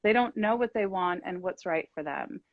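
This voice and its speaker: A woman's voice: fairly low pitch, normal speed, no echo. Middle-aged woman host and coach, encouraging and chatty; muffled, dry live-stream audio. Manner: encouraging, affirming, talks at length. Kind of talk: casual live-stream chat. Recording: dull lo-fi dry sound.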